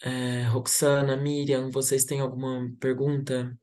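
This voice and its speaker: A woman's voice: very deep voice, flat delivery, normal speed, warm tone. A woman moderating an online class, apologizing and calling on participants. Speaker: class organizer.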